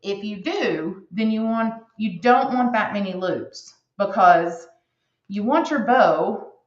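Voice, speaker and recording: A woman's voice: medium pitch, slow pace. Chatty woman demonstrating a wreath craft. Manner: chatty, rambling, folksy, says "hon" and "right?". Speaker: craft instructor. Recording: echoey room, slightly dull sound.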